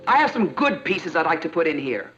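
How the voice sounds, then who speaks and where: Hochnäsige Dame auf Wohnungssuche. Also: female voice, low voice, sing-song, fairly quick, reverberant, highs cut off, over music. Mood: condescending. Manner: condescending, affected. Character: snobbish fussy middle-aged house-hunting lady. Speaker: prospective tenant. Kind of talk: 1960s sitcom acting.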